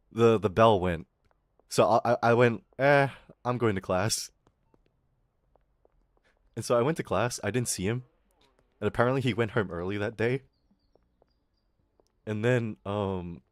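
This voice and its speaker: A man's voice: lowish voice, dry recording, clean studio sound. A young man streaming, telling a school story in a rambling, profane way and acting out the people he quotes. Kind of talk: casual storytelling rant.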